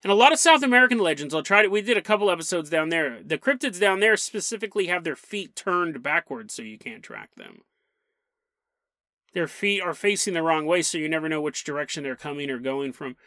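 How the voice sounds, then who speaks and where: A man's voice: fairly high pitch, animated, fairly quick, bright, forceful tone, dry recording. A man hosting a casual storytelling podcast, jokey and laughing often as he tells the tale. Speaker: podcast host.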